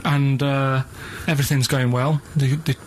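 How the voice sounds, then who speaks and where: A man on a comic radio show, talking in a matter-of-fact, halting way and holding his odd views. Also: mid-range voice, steady tone, slight background noise.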